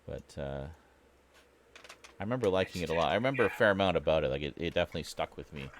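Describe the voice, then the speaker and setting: A very low-voiced man hosts a relaxed chat. He rambles easily about what he watched and leans on fillers as he goes. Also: quick pace, noisy background. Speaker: host. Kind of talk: casual chat.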